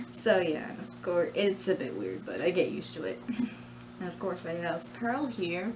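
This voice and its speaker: Slow, hesitant young-sounding woman vlogger. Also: fairly low pitch, very animated, noisy background. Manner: hesitant, giggly, many fillers. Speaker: channel host. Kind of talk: casual vlog about doing character voices.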